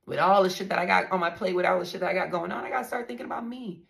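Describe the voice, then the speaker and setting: A woman's voice: lowish voice, rapid-fire, vocal fry. A woman hosting a podcast, telling her own story in a blunt, emphatic way and speaking straight to her listeners. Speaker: podcast host. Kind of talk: candid storytelling monologue.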